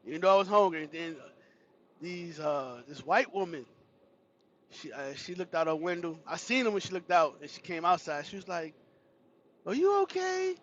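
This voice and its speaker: A man's voice: fairly high pitch, moderate pace, dull audio, slight background noise. A man hosting a livestream, casually telling a funny childhood story to his chat with laughter and cursing. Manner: animated, laughing, profane storyteller. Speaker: livestream host.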